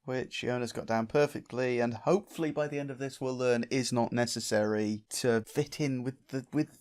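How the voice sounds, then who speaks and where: A man's voice: mid-range voice, fairly even intonation, normal speed, a little mellow. A man reacting to a cartoon episode as a video host, making sarcastic asides and often stammering and restarting his sentences. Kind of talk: casual commentary on a cartoon episode. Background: faint cartoon episode audio.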